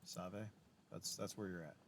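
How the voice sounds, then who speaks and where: A man's voice: deep voice, steady tone, measured pace, gravelly, a little hiss or hum. A man narrating as game master of a tabletop game, casual and chatty, swearing often.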